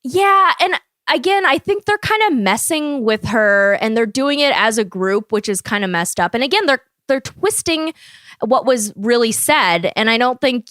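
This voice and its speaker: A woman's voice: a little high, normal speed, no room sound, clean studio sound. A woman guesting on a podcast, chatting casually and expressively, often laughing. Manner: expressive, laughing, quotes people in voices. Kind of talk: casual pop-culture chat.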